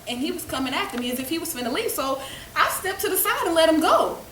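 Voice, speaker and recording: A woman's voice: very high voice, very animated, fast talker, a bit bright. A woman giving a dramatic first-person story, acting out the dialogue vividly. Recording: echoey room, distant mic, faint noise.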